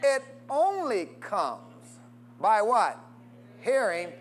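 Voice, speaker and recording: Man, preacher, high voice, call-and-response sermon, prompting the congregation. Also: wildly swooping pitch, extremely slow, slight background noise. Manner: call-and-response preaching with wide swings in pitch and loudness.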